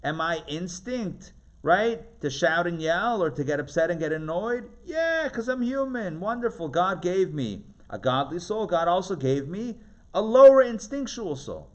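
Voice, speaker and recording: A man, a rabbi, teaching a live class, chatty and animated, often asking the audience questions and laughing. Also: fairly high pitch, a little slow.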